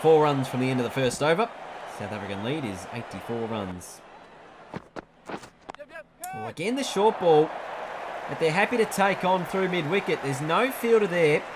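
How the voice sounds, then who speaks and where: A man's voice: fairly high pitch, very animated, moderate pace, pauses often, crowd noise, background noise. Chatty man calling cricket. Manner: chatty, jokey, stumbles over names. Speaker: video game cricket commentator. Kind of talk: play-by-play commentary.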